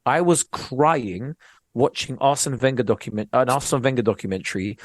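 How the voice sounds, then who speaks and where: A man's voice: mid-range voice, normal speed. A young man, a comedian and podcast co-host, telling stories in casual chat, full of slang and repeated words. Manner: animated storytelling with slang and repetition.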